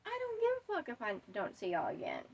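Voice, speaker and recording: A woman's voice: fairly high pitch, wildly swooping pitch, brisk, gravelly, breathy edge, distant mic, dull audio. A woman delivering a defiant, profane rant straight to camera. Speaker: vlogger. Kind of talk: angry monologue to camera.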